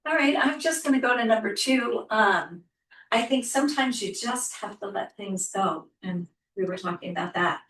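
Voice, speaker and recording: A woman's voice: mid-range voice, slight background noise. Woman talking at a team meeting, echoey room, mic far off. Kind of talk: sharing in a group meeting.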